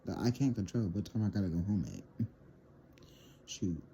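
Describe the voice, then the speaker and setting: A teenage boy chats through a casual storytime, talking straight to his viewers and tripping over repeated words as he rambles. His voice sits low with a soft, mellow tone. A faint hum runs underneath. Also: quick pace. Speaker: vlogger.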